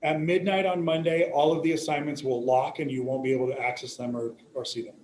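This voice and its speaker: Joking teacher in an echoey classroom. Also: male voice, a little high, little pitch movement, fast talker, darkish tone. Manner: joking, peppers talk with "right?" and "okay?". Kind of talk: classroom lecture. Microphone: recording device some distance away. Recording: roomy classroom echo, faint hum.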